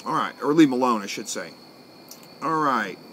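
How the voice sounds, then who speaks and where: A man, hosting a live stream and answering viewer comments in a relaxed, folksy way that thinks out loud. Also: mid-range voice, normal speed, a little hiss or hum. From Southwest Missouri, USA. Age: 40s.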